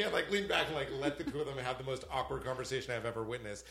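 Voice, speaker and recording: A man's voice: mid-range voice, creaky, pushed and bright. A man co-hosting a podcast, joking and telling anecdotes in casual chat. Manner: quick, joking anecdote-teller. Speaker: podcast co-host.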